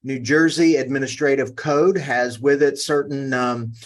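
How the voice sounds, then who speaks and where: A man's voice: medium pitch, steady tone, measured pace. A man with a Southern US accent hosting a webinar, hesitant with many fillers. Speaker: webinar host.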